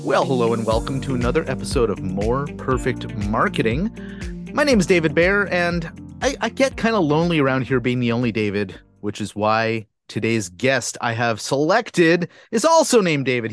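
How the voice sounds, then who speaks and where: A man's voice: mid-range voice, no echo. A man hosting a marketing podcast, chatty and self-deprecating as he interviews a guest. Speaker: podcast host. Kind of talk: casual interview chat.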